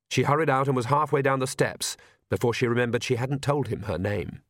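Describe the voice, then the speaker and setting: A male narrator reading a comic fantasy audiobook with measured, wry timing. His voice sits at an ordinary male pitch, and the recording is dry and close. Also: animated, a bit bright, dry recording. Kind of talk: scripted narration.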